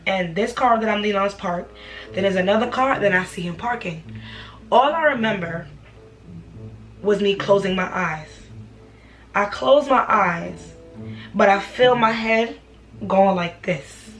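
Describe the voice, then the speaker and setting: A young woman, telling a personal story for her vlog in an animated, slangy way. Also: mid-range voice. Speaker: vlogger.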